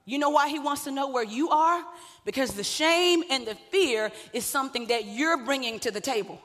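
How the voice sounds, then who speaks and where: Lady pastor preaching, high bright voice, chatty jokey asides, big reverby hall. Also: expressive, moderate pace. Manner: conversational preaching, joking asides to the congregation. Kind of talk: sermon.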